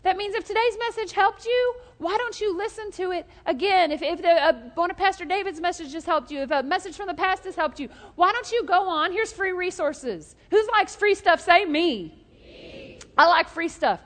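Woman pastor, high voice, lively sermon, jokes and call-and-response, reverberant hall. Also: moderate pace, hardly any pauses.

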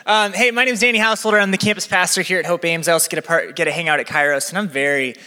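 A young man preaching a sermon as campus pastor, chatty and energetic with a live crowd. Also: high-pitched, very fast, smooth. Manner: energetic, chatty, acts out quotes. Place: church venue with balcony. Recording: long hall reverb.

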